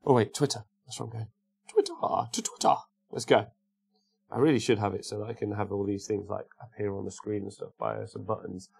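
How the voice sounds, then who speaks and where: Gravelly, chatty male streamer. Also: lowish voice, fairly even intonation, a little fast, a little mellow, slight background noise. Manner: rambling, chatty, greets viewers by name. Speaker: livestream host. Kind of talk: casual chat reading live comments.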